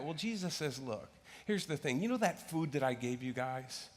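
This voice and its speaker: A pastor preaching a sermon, casual and joking, acting out crowds and disciples in raised voices. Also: male voice, fairly high pitch, a little fast.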